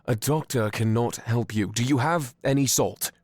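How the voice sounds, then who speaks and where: A man's voice: medium pitch, normal speed, darkish tone, no echo, studio quality, close to an everyday voice. An actor playing a formal, condescending male phone operator with a put-on British accent in a game.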